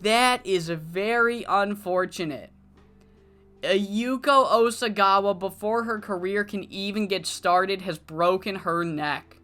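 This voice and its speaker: Bright, casual wrestling sim narrator. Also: mid-range voice, slow, soft background music. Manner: casual, recapping, mildly profane. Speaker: game narrator. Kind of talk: let's play commentary of a wrestling management sim.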